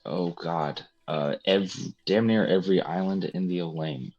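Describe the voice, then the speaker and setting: Deep husky laid-back man. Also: a little slow, a little mellow, dull audio. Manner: laid-back, casual slang. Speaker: tabletop game player. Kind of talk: casual in-character play.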